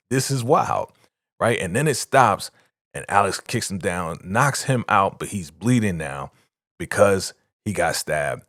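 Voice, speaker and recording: Young guy recapping a tv episode, hyped and slangy, lowish voice. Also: measured pace, no echo, studio quality. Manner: excited, slangy storytelling. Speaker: TV episode recap and reaction host.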